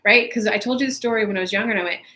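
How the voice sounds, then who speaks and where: A woman in her thirties hosting a casual live chat for her viewers, telling stories in an animated way with swearing and laughter. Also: mid-range voice, rapid-fire. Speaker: spiritual coach and channel host. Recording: echoey room.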